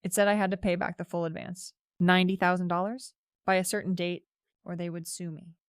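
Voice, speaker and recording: A woman's voice: lowish voice, flat delivery, a little fast, clean tone, dry recording, studio quality. A young woman narrating a first-person story in a casual, chatty way, with lots of "like" fillers.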